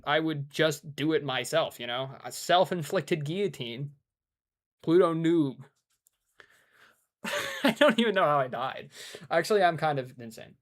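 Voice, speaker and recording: A man's voice: a little high, a bit bright. Exasperated man streaming a game. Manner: exasperated, rambling, joking. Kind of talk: casual live-stream commentary.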